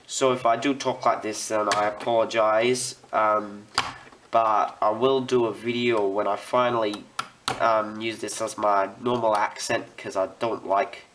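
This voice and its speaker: A man's voice: on the low side, level tone, unhurried, noisy background. A young man with an Australian accent, a student, giving a rambling, chatty model railway building tutorial while he works. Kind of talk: casual hobby tutorial.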